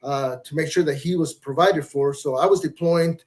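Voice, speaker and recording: A man's voice: on the high side, moderate pace, a little mellow. A middle-aged man, a retired Marine master gunnery sergeant, talking as a guest in a casual interview. He speaks candidly and reflectively, restarts his sentences often, and uses salty language.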